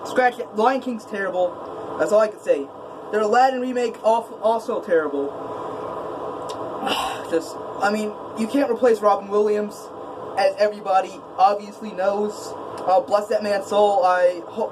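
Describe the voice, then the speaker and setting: High-voiced young man rambling unscripted. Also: noisy background. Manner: rambling, stammering restarts, sarcastic jokes. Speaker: vlogger. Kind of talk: unscripted ranting vlog.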